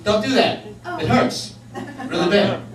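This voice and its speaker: A man giving a church message as an animated storyteller, often laughing between lines. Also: high voice, unhurried, a crowd in the background. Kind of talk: storytelling sermon. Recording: echoey room, mic far off.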